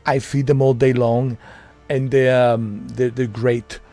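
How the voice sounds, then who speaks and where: A man doing an impression of a muscle-bound former governor with a thick Austrian accent, talking in halting, boastful bursts. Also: medium pitch, little pitch movement, warm tone, faint music behind. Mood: defensive.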